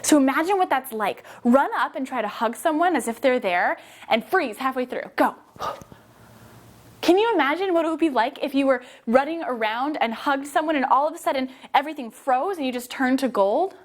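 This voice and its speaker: High-voiced, energetic woman storyteller. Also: brisk. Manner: energetic, encouraging, exclamatory. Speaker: children's movement teacher and storyteller. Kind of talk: guided kids' yoga storytelling.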